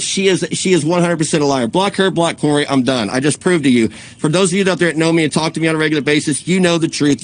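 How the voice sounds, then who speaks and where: A man ranting angrily on a livestream, swearing and swinging between raised outbursts and low muttering. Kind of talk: angry livestream rant.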